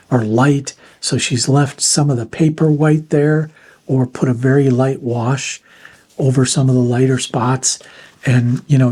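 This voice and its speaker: Husky, mellow-voiced man talking art books. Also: medium pitch. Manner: relaxed, plain-spoken, many fillers and restarts. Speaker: art channel host reviewing books. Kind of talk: casual instructional talk.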